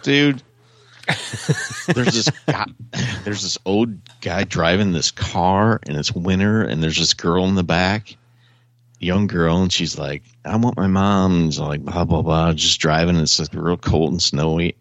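A man on a casual podcast chat, telling a long rambling story with animated energy and frequent chuckles, heard over dull lo-fi call audio. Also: low voice, measured pace, dry recording. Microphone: remote call audio.

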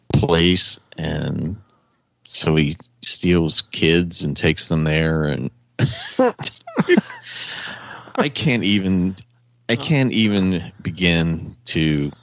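A man on a casual podcast chat, telling a long rambling story with animated energy and frequent chuckles, heard over dull lo-fi call audio. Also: sits low, dry recording. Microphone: remote call audio.

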